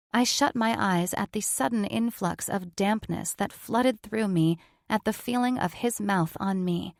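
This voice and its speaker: A woman narrating a first-person romance audiobook in a smooth, even storytelling voice on a close mic. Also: mid-range voice, dry recording.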